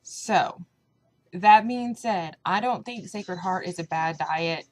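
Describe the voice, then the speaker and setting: A young woman talks casually into her camera, rambling through fillers and acting out what friends and family said. Her voice sits on the low side for a woman. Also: slow pace, rough recording. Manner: chatty, lots of fillers, retells quotes animatedly. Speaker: vlogger. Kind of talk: casual diet vlog chat.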